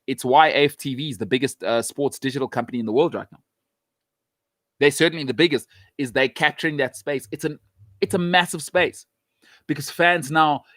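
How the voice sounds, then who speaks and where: Emphatic man with a slightly high voice. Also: no room sound. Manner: emphatic and animated, pitch jumping up when making a point; frequent restarts and rhetorical questions. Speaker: show host giving opinions. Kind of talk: opinionated casual monologue.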